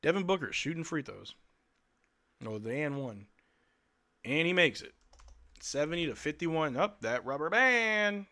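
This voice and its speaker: A man's voice: on the high side, very animated, measured pace, long pauses, bright, forceful tone. A male live-stream host giving casual fan play-by-play commentary in a blunt, exasperated, slangy way.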